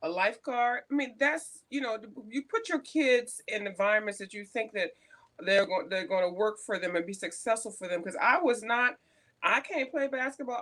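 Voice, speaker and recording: A woman's voice: fairly high pitch, pushed and bright. A woman co-hosting a casual chat, telling blunt, profane stories about her school days. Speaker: co-host.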